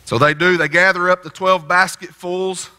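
A man's voice: sits high, steady tone, moderate pace, sharp tone, clear, resonant tone. A man preaching a sermon in a folksy, conversational way, often restarting his phrases. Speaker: pastor. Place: church sanctuary. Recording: church sanctuary with long reverb.

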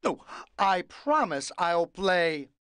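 With a low, very animated voice and a slow pace, a woman voices a pushy, whiny cartoon pigeon in a game. Pleading, the character wheedles and bargains amid big dramatic outbursts. The recording is very noisy.

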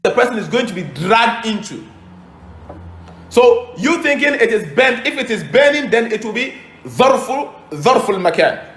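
A man giving a religious lecture, explaining grammar and pausing to search for words. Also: very high voice, sing-song, fairly bright tone. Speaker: preacher in a played clip. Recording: roomy played-back clip.

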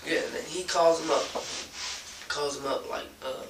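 A young man being interrogated, telling what happened in a halting, rambling way full of restarts, recorded from a distance in a bare room. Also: a little high, steady tone. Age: young adult. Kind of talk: halting recounting of events. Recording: roomy, from a distance, faint noise.

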